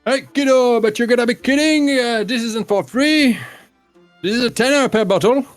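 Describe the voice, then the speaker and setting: A man voicing a loud, pushy male bottle seller who haggles theatrically. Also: very high-pitched, normal speed, soft background music, voice pushed up. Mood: hustling.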